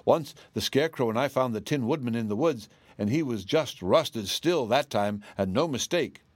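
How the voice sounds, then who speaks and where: A man voicing a confident little girl in a storybook reading, speaking in a bright, matter-of-fact way. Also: mid-range voice, animated, moderate pace, no room sound, natural voice. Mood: earnest.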